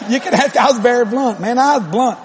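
A man's voice: very high voice, brisk, noisy background. A man preaching a humorous sermon, telling a story in a blunt, folksy way, laughing often and mimicking voices and sounds.

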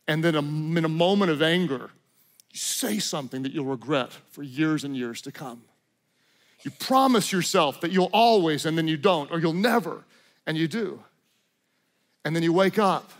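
A male preacher with a high voice who delivers his sermon dramatically. He drops to hushed, slow lines and then builds up to shouting. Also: expressive.

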